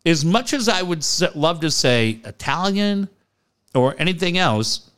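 Animated, lively-pitched man in casual chat. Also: measured pace, clear, resonant tone. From San Diego area, US. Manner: animated, swearing, rambling.

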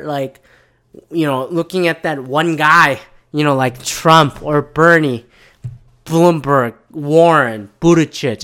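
A man's voice: a little high, a bit bright. A man hosting a podcast, from Michigan, ranting casually about politics in a profane, rambling, sarcastic way. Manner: profane, rambling, sarcastic, mocking voices of others. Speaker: podcast host.

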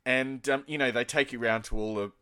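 Bright-voiced Australian man, chatty host. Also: mid-range voice, fairly even intonation, brisk, smooth. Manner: rambling, anecdotal, many restarts and "you know". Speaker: interviewer hosting an author. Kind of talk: conversational interview.

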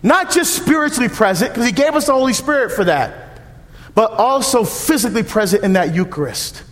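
A man's voice: very high-pitched, brisk. A man in his fifties, a deacon, giving a humorous, story-driven parish mission talk in a church. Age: 50s. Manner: lively storytelling, humorous, acts out dialogue. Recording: long church reverb.

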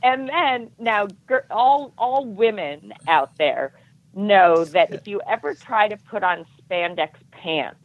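A woman guest telling a self-deprecating story in casual talk, animated and acting out the voices of others. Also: medium pitch, takes it slowly, no echo. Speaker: podcast guest. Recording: muffled dull audio.

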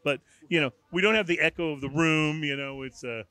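A man with a slightly high voice chats loosely on a podcast, wandering through his sentences with plenty of ums. The sound is close and dry, with no room echo. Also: a little fast, bright, forceful tone, clean tone. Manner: chatty, rambling with many fillers. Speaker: podcast co-host. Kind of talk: casual chat. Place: small room. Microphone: studio microphone.

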